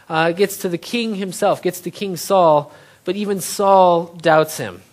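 Preacher, sermon, conversational, rhetorical questions to the crowd, middle pitch. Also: steady tone, normal speed. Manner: retells scripture in plain everyday terms.

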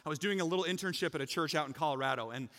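A man preaching a sermon as pastor, talking casually with the congregation, joking and rising to loud, emphatic peaks. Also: fairly high pitch, racing, long reverb tail. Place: church sanctuary.

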